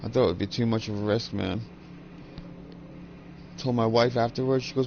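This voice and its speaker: A man's voice: medium pitch, fairly even intonation, normal speed, darkish tone, dull audio, a little hiss or hum. A man in his thirties chatting casually while gaming, a profane, rambling storyteller on a headset. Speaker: gaming channel host.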